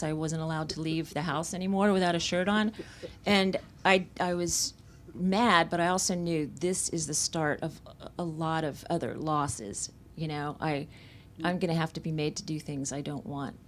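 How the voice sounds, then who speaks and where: Low-voiced woman telling candid memories. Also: a little hiss or hum. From Central Florida. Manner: candid, reflective storytelling. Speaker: author discussing her memoir. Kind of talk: conversational book talk. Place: bookstore event.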